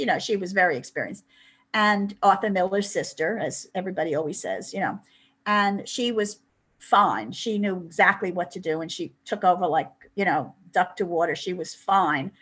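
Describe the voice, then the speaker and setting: A woman's voice: medium pitch, fairly bright tone, husky. An older woman, a guest in an interview, telling long stories in a chatty way with many asides. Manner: chatty storytelling, many "you know" asides. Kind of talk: anecdotal interview.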